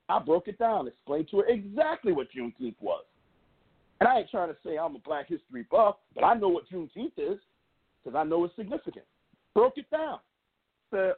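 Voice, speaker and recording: A man's voice: sits high, very animated, brisk, breathy edge. A middle-aged man, a podcast co-host, telling a story in casual chat with a passionate, emphatic manner. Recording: tinny phone-like sound.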